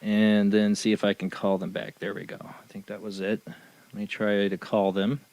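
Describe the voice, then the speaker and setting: Low-voiced chatty male radio host. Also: completely flat delivery, normal speed, darkish tone. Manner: friendly, chatty, upbeat.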